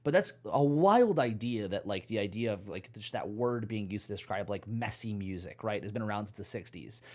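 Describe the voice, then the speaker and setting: A man hosting a casual music podcast chat, animated, laughing and swearing often. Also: lowish voice, normal speed. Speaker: podcast host.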